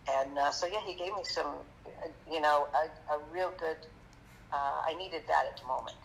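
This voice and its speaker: A woman guest on a podcast, telling her story in a halting, chatty way with many fillers, turning lively when she quotes people. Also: sits low, creaky, a little hiss or hum, rough recording. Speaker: magician guest. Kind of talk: conversational storytelling interview.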